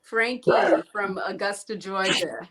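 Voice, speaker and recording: A woman's voice: medium pitch, a bit bright, poor audio. A woman co-hosting a live show, reading out viewers' names and greetings in a chatty way. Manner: slow, chatty, laughing often. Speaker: co-host.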